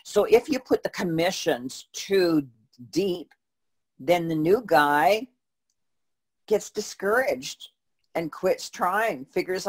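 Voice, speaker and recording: In a casual Q&A chat, this co-host speaks slowly at medium pitch with lively intonation and long pauses. Their explanations are steady, though full of false starts and filler words.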